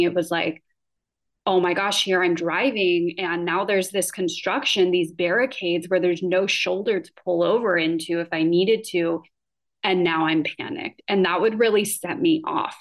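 A woman in her thirties telling a personal story in a casual vlog, chatty and full of fillers. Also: mid-range voice. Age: 30s. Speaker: vlogger.

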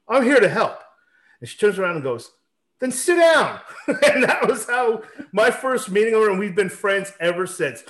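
Male podcast host, forties, slightly raised pitch, chatty rambling storyteller. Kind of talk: casual podcast chat.

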